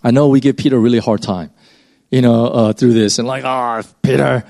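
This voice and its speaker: Brief: male preacher, mid-pitched, loose conversational sermon, frequent emphatic rises. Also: steady tone, fast talker, warm tone. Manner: informal, rambling, emphatic rises.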